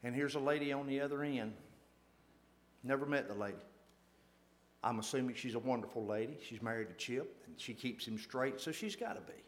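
A man's voice: medium pitch, fairly quick. A man telling a folksy, self-deprecating story to a church gathering, repeating phrases for emphasis. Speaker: church lay speaker.

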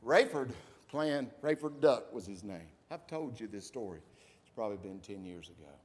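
A man's voice: fairly low pitch, moderate pace, slightly rough. A man preaching a sermon, telling stories and acting out the voices of people in them. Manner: animated storytelling, acts out voices. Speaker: pastor.

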